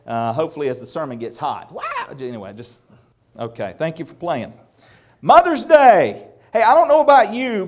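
A man preaching a sermon in a church, folksy and joking with the congregation. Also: on the high side. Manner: folksy, joking, animated delivery. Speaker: pastor. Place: church sanctuary.

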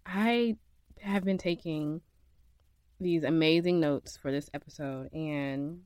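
A woman's voice: low voice, slow, a little mellow, no room sound. A young woman hosting a podcast from a makeshift home studio, venting emotionally and laughing through her frustration in a casual monologue. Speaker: podcast host.

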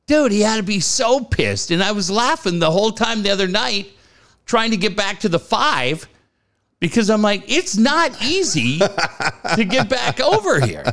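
A man's voice: sits high, big pitch swings, normal speed, fairly bright tone. A man in his late forties from the San Diego area, telling a story casually, swearing freely and acting out the voices of the people in it. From San Diego area, California. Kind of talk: casual chat.

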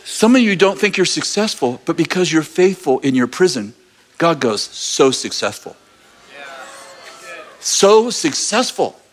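A man preaching a lively sermon, retelling a story with jokes and acted-out voices. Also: on the high side, moderate pace, a little hiss or hum. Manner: animated, acts out voices, jokey asides. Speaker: pastor.

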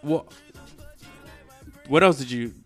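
A young male podcast co-host tells a rambling, profane story in casual chat, full of fillers and restarts. His medium-pitched voice moves extremely slowly, with faint music in the background.

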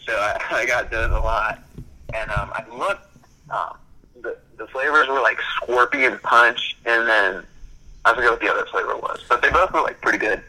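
A man's voice: medium pitch, bright, forceful tone, low-quality recording. A young man in casual chat, rambling through stories with lots of "like" and frequent laughs. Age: young adult.

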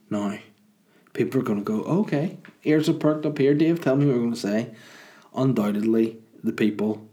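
A man talks in a loose, rambling monologue. He rants and swears freely in a lowish, warm, mellow voice. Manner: chatty, ranting, swears freely.

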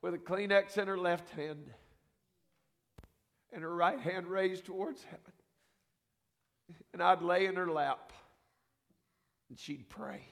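A man with a high, gravelly voice delivers a fervent sermon as a senior pastor. He rises from reflective storytelling to shouted exclamations. His voice rings through a church sanctuary with long reverb. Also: steady tone, takes it slowly, long pauses. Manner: fervent preaching, building to shouts.

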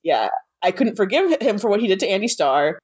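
A woman's voice: mid-range voice, big pitch swings, a little fast, darkish tone, husky, dry recording. An American woman co-hosting a podcast, chatting casually about a TV show, giggly and full of fillers. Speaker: podcast co-host. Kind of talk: casual recap chat.

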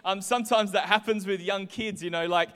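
A young man preaching a sermon, chatty and animated as he tells personal stories. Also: high-pitched, brisk. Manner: chatty, animated storytelling with voiced asides. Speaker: pastor. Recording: hall reverb.

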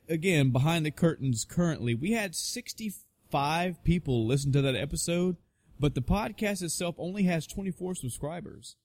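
A young man co-hosting a casual podcast, telling swearing, animated stories and mimicking people. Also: no echo. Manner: profane, animated storyteller, mimics others in high voices. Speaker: podcast co-host.

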